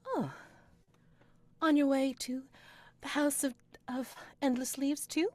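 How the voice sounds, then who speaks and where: A woman voicing a young, gracious noblewoman who talks brightly and sweetly. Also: high voice, steady tone, takes it slowly, dry recording, pitched above the performer's own voice. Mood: sugary. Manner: bright, breezy and sugary.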